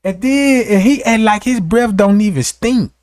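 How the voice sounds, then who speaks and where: At a moderate pace, a high-voiced young man tells a comedic story in a loose, animated, profane way. "You know what I'm talking about," he keeps asking as he checks in with the listener. The audio is studio quality with no room sound.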